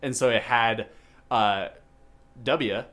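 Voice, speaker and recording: A man's voice: mid-range voice, slow pace, a bit bright. Male podcast host, casual rambling delivery, full of fillers. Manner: rambling, lots of fillers and restarts. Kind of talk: casual chat about a movie.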